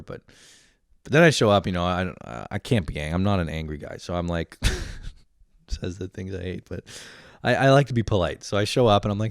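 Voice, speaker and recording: Low-voiced young man ranting. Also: normal speed, creaky, no echo, clean studio sound. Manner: profane, animated, laughs often. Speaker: vlogger. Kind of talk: casual comedic rant.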